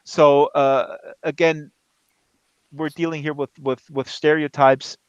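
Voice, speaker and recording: A man's voice: a little high, level tone, takes it slowly, clear, resonant tone, no room sound, dull audio. A man hosting a book club online, casually guiding his guest step by step before a staged reading. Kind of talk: casual chat, reading a script aloud.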